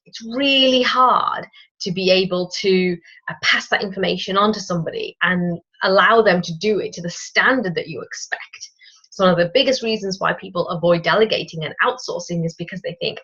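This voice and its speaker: A woman in her thirties hosting a solo business podcast, talking straight to the listener in a chatty, lively way. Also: mid-range voice, moderate pace, husky. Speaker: podcast host. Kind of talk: casual solo business talk. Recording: dull lo-fi recording.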